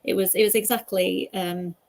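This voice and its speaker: A woman's voice: mid-range voice, steady tone, normal speed, vocal fry, a little mellow. A woman hosting a casual chat over a video call. She talks in a chatty, rambling way. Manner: chatty and rambling, with frequent laughs. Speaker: host, author.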